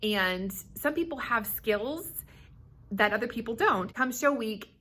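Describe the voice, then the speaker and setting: A woman's voice: fairly high pitch, lively intonation, a little slow, sharp tone. A woman directing a school play, upbeat and explanatory in a behind-the-scenes interview.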